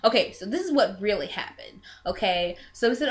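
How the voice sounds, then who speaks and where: A young woman vlogger chatting casually, telling an animated, giggly story full of quoted dialogue. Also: mid-range voice, fairly quick. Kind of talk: casual chat.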